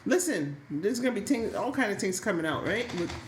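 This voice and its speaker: A woman's voice: medium pitch, big pitch swings, brisk, echoey room, slight background noise. A woman co-hosting a casual chat podcast about a soap opera, recapping scenes and laughing easily. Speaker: podcast co-host.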